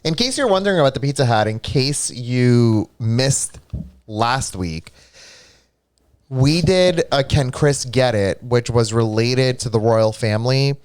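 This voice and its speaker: A man co-hosting a live stream, talking in an animated, exclaiming way. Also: mid-range voice, clean tone. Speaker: podcast co-host. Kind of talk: casual live-stream chat.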